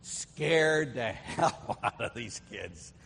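A man's voice: medium pitch, lively intonation, drawn-out words, vocal fry, fairly bright tone, husky, big-room sound. A middle-aged man from Pittsburgh, a priest, giving a conversational sermon full of personal stories, with filler words and acted-out voices. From Pittsburgh, USA. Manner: storytelling, acts out voices, chatty with fillers.

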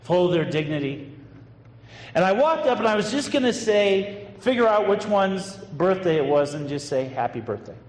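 A male pastor preaches in a relaxed, anecdotal way, tossing in casual fillers as he tells a story. His voice sits a bit high and rings out through a large hall with a long echo and faint noise behind it. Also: moderate pace. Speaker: associate pastor. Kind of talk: sermon storytelling.

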